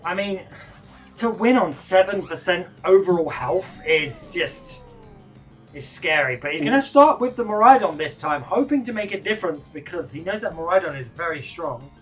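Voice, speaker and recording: A man co-commentating a game tournament live, laid-back with occasional bursts of excitement. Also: high-pitched, moderate pace, faint music behind.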